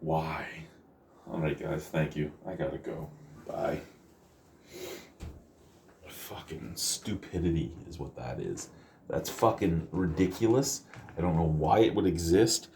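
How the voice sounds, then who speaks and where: A man's voice: extremely low pitch, slow, gravelly, pauses often, darkish tone, roomy sound, recorded from a distance, a little hiss or hum. A man giving a casual beer review, exasperated and swearing, often repeating himself. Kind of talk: casual video review rant.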